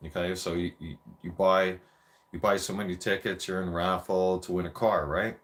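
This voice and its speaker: A man's voice: deep voice, steady tone, normal speed. A man in his forties telling a rambling, profane childhood story in a casual rant.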